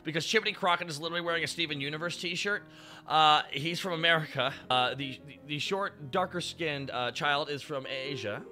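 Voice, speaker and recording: A man streaming, chatting with his chat in an animated way, swearing and laughing often. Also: a little high, brisk, soft background music. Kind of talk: casual chat.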